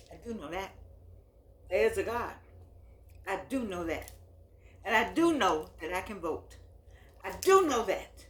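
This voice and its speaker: A woman's voice: mid-range voice, fairly bright tone. Brief: woman in her eighties, preacherly and repetitive, phone recording with room echo. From United States. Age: 80s. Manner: emphatic, repeats phrases, folksy and preacherly. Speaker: host. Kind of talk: impassioned address to camera.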